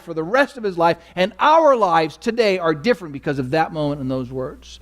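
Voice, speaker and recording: A man preaching from the pulpit in a sermon, his voice sitting a little high for a man. He swings between near-whispered asides and loud, climbing emphasis. He keeps asking his listeners questions and pausing for answers. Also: animated. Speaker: pastor. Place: church sanctuary.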